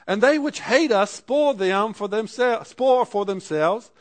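A man's voice: sits high, takes it slowly. A man preaching a sermon, reading scripture aloud and explaining it in everyday words. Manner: reads scripture aloud and paraphrases it in plain speech.

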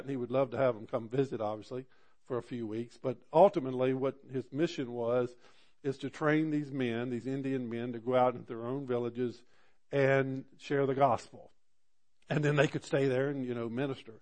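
A man's voice: medium pitch, steady tone, normal speed. A man delivers a sermon as a personal story. His tone is earnest and conversational, and it swells into fervent emphasis on key points. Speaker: pastor.

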